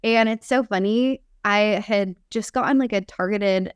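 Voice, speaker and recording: A young woman coach talks in a quick, chatty way, laughing often as she answers questions. Her voice is smooth and clear, recorded close and dry with no room sound. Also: medium pitch, no echo. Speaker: fitness coach and company founder. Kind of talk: casual podcast interview.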